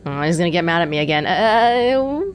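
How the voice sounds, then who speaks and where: A woman's voice: sits low, little pitch movement, very fast, a little hiss or hum. A woman giving casual, amused commentary while playing a game. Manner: chatty, amused asides. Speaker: let's play gamer.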